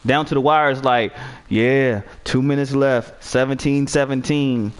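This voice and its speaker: A man's voice: medium pitch, fairly even intonation, a little slow, clear, resonant tone. A young man giving heated, profane commentary while playing a video game and arguing with his opponent. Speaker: gamer. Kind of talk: trash-talking gameplay commentary.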